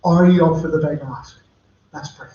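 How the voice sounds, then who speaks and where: Preacher, echoey and muffled. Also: male voice, a little high, steady tone, normal speed, warm tone. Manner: chatty storytelling, addressing listeners directly. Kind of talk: sermon. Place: church. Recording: echoey, muffled church livestream.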